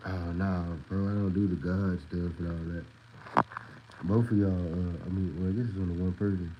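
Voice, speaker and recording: A man's voice: deep voice, fairly even intonation, moderate pace. A man from the Southern United States with a Southern accent, ranting casually and profanely, rambling and repeating himself. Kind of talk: casual rant. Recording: dull lo-fi audio with faint noise.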